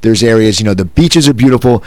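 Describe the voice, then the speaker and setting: A man in his fifties from New Jersey, hosting a casual chat and talking quickly with frequent restarts. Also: lowish voice, dry recording. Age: 50s. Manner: quick, animated, stumbling restarts. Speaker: host.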